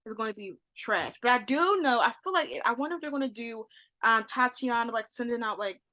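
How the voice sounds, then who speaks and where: A woman co-hosting a casual TV review podcast, excitable, with sudden loud outbursts and lots of fillers. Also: on the high side, a little fast. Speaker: podcast co-host. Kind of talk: casual chat reviewing a TV show.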